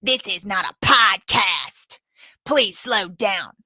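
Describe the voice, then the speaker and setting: A woman putting on the voice of a stern female judge who scolds a witness in a slow, firm, measured way. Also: medium pitch, expressive, sharp tone, no echo, exaggerated voice.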